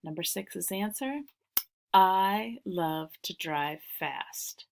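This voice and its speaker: A woman reads dictation sentences aloud slowly and carefully. Her voice sits slightly low, and she repeats each sentence for the listener. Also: expressive, gravelly. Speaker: dictation reader.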